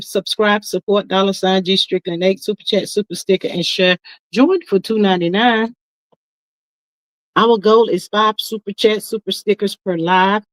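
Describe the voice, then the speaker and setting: Woman host on a live stream chatting with her viewers, mid pitch, dry close mic, lots of "honey" and "child", sing-songy welcomes. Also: dry recording, rough recording. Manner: sing-song, drawn-out calls of "come on in the room"; Southern-style endearments like "child" and "honey". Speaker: livestream host. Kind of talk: casual live-stream chat reading comments.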